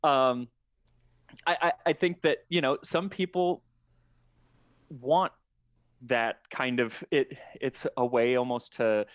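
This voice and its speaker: Man, podcast guest, thoughtful explainer, mid-pitched voice, dry close mic. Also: takes it slowly, pauses often, no room sound. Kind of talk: casual podcast chat.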